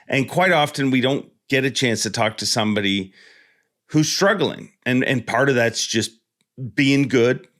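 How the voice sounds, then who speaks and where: A man's voice: mid-range voice, a bit bright. A man hosting a fishing podcast in a casual, joking, rambling monologue, born in Ireland. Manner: jokey, rambling, self-deprecating. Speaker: podcast host.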